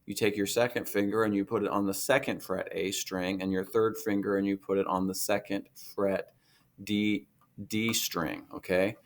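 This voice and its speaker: Patient low-voiced guitar teacher. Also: male voice, fairly even intonation, moderate pace. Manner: patient, step-by-step explaining. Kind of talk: recorded music lesson.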